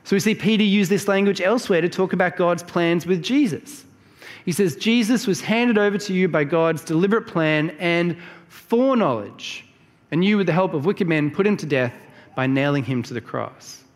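A man with a high voice delivers a sermon, working through the text phrase by phrase and pausing to ask his listeners if they follow. His voice rings out with a long, lingering reverb, as in a large church hall. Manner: explains verse by verse, checks in with the listeners. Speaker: preacher.

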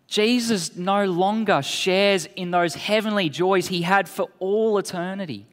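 A man preaching a sermon in a slow, deliberate way, dropping low and quiet for solemn lines. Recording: long hall reverb.

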